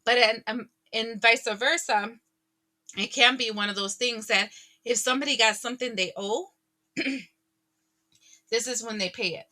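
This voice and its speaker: A woman giving a casual tarot reading to her viewers, chatty and animated, often laughing and exclaiming. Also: a little high, measured pace, long pauses. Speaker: tarot reader.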